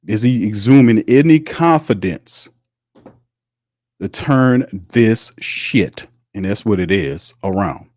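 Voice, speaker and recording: Low voiced guy going off on football, preachy and blunt, swears a lot, dry close sound. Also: lively intonation, slow, dry recording. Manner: blunt, preachy, swears, asks the listener rhetorical questions. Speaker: sports podcast host. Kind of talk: opinionated sports commentary.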